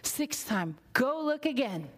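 A woman with a high voice preaches a sermon. She tells the story with energy, acts out the characters' lines, and drops to a whisper to drive a point home. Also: big pitch swings, slow pace.

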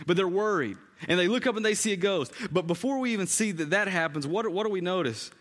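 A man's voice: high voice, expressive, fast, a bit bright. A man preaching a conversational sermon in a church, often repeating phrases for emphasis. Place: church sanctuary. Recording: long hall reverb.

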